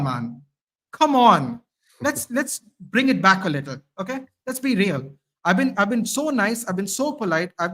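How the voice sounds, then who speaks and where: A man guesting on a live football reaction stream, ranting in an exasperated, animated way. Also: high voice. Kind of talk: live match reaction chat.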